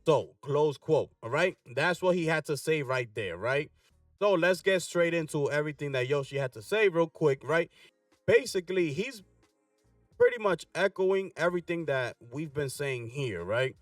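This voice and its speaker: A man hosting a gaming news channel, reading articles aloud with energetic hype and frequent "right?" asides. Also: fairly high pitch, moderate pace, no echo, clean studio sound, distant mic, faint music behind. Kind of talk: casual commentary reading articles.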